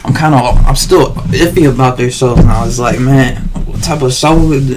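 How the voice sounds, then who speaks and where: A man's voice: medium pitch, moderate pace, noisy background. A man livestreaming a rambling, slangy monologue full of swearing and restarts.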